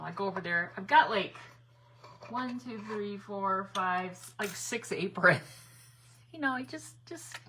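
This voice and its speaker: A woman's voice: mid-range voice, noisy background. A middle-aged woman hosting a live crafting stream, chatting bubbly with viewers, rambling and laughing often. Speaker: craft livestream host.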